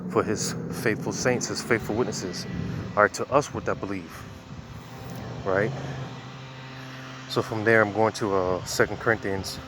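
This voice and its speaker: A man's voice: on the low side, background noise. Casual male street preacher, slightly winded. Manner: casual, conversational, many fillers. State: slightly out of breath while walking. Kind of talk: informal outdoor preaching. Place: outdoors, walking by traffic.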